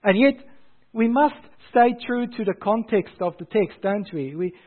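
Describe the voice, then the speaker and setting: A man's voice: high-pitched, lively intonation, unhurried. A man preaching a sermon as a pastor. He speaks emphatically and asks repeated rhetorical questions. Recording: tinny phone-like sound.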